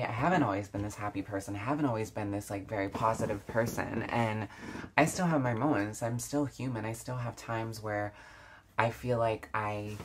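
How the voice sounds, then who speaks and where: A woman beauty vlogger chatting casually while doing her makeup, reflective, with many fillers and restarts. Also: a bass voice. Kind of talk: casual get-ready-with-me chat.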